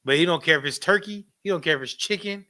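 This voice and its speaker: A man leads a class in a loose, preaching style, repeating himself and checking in with the room. His voice sits fairly high and rings bright and forceful, and he laughs often as he talks. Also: fast talker. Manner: animated, repetitive, frequent asides to the audience; laughs often while talking. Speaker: class teacher.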